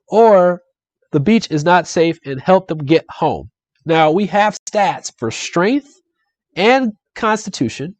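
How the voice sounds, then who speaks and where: A man's voice: a little high, darkish tone, dry recording. A young adult man streaming a solo board game live, chatty and upbeat as he talks to viewers and reads the adventure text. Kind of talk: casual live-stream playthrough commentary.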